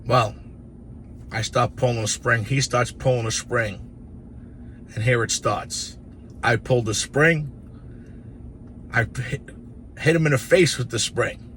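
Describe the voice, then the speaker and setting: A man in his sixties casually telling childhood stories to camera in an animated, profane, rambling way. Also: medium pitch, a little slow, pauses often, a little hiss or hum. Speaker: storyteller.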